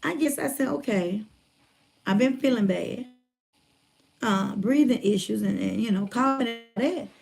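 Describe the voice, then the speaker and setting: A motivational speaker telling a personal story in a casual, folksy way, retelling conversations and calling listeners by name, still getting over a chest cold. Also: female voice, a little high, normal speed, vocal fry, pauses often, darkish tone. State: recovering from chest cold, congested breathing. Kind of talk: casual testimony talk.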